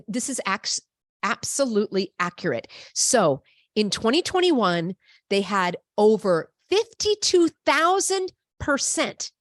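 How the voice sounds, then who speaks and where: A woman hosting her own broadcast, talking in a chatty, animated way and laughing often. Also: mid-range voice. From United States. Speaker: host. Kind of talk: casual broadcast commentary.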